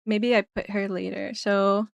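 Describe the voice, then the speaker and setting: A woman's voice: mid-range voice, steady tone, measured pace, gravelly, no room sound, muffled recording. A woman casually commenting while playing a game on stream, chatty and laughing often, trailing off as she thinks.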